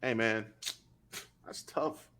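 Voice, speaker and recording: A man's voice: fairly low pitch, slow pace, sharp tone, smooth. A man co-hosting a casual sports podcast, asking questions and walking through a replay step by step. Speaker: podcast co-host.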